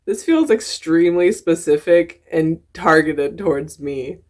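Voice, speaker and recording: A woman's voice: sits low, unhurried, darkish tone. A woman with a slight Southern US drawl, hosting a casual reaction video in a rambling, giggly, self-mocking way. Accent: slips into a Southern US drawl.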